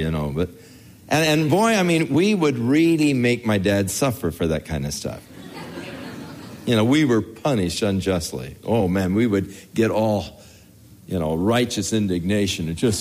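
A man's voice: mid-range voice, big pitch swings, normal speed, a little hiss or hum. An older man, a pastor, giving a folksy, conversational Bible teaching sermon, telling family stories with chuckles. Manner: folksy, storytelling, chuckles as he talks.

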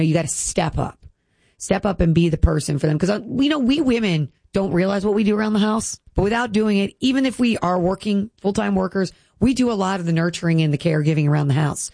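A woman's voice: fairly low pitch, creaky, warm tone, no room sound. A woman in her thirties, a guest speaking earnestly and emotionally about her health, with many "like" fillers. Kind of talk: candid personal interview.

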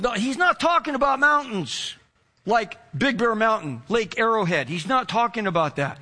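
Male pastor, very high bright voice, animated storytelling sermon. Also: normal speed. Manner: animated storyteller, acts out quotes.

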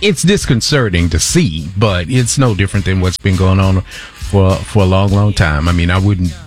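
A man co-hosting a radio talk show who speaks in a measured, halting way. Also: fairly low pitch. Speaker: radio co-host.

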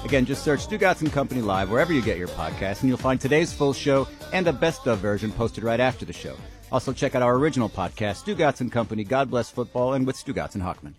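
A man's voice: mid-range voice, animated, quick pace, over music. A man co-hosting a sports talk radio show, chatty and opinionated, thinking aloud as he goes.

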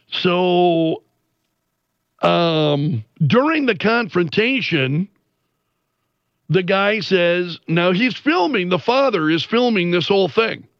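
A man giving casual news commentary in an animated way, retelling quotes with the swearing bleeped out by voice. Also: high-pitched, slow, no echo, dull audio.

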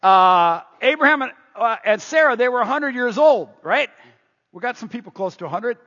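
A man preaching a sermon as pastor, animated, quoting scripture aloud. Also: extremely high pitch, moderate pace. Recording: roomy hall, dull lo-fi sound.

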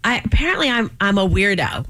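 A middle-aged woman co-hosting a morning radio show, telling stories in a chatty, animated way with many restarts. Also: mid-range voice, fairly quick, dry recording. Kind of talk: casual chat.

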